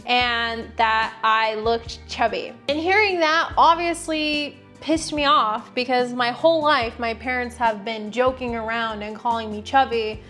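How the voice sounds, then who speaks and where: A woman's voice: fairly high pitch, measured pace, few pauses, fairly bright tone, soft background music. A woman, candidly telling a personal story on her vlog in a frank, sarcastic way, swearing freely. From United States. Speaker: vlogger.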